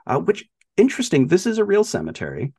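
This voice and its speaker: A man's voice: sits high, wildly swooping pitch, fast, dark tone, slightly rough, dry recording, clean studio sound. A man co-hosting a podcast, casually retelling a movie with lots of laughs and filler words. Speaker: podcast co-host.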